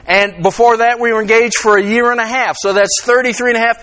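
A man in his sixties preaching an animated, conversational sermon, checking in with his listeners and acting out quoted lines. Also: extremely high pitch, quick pace. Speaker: pastor.

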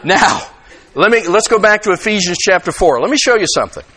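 Pastor, man, 60s; bright, high voice that leaps all over; chatty, animated sermon delivery. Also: a little fast, breathy edge. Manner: animated, checks in with listeners, acts out quotes. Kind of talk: conversational sermon.

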